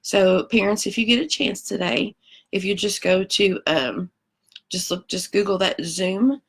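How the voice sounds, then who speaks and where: A woman's voice: mid-range voice, a little slow. A woman teacher talking to kids and parents before a read-aloud lesson, chatty with many ums.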